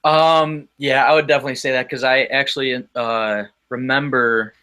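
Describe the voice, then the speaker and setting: A man's voice: medium pitch, fairly even intonation, moderate pace, pushed and bright, clear, resonant tone. A man talking as a guest on a podcast, telling a casual story in a rambling way with frequent ums and restarts.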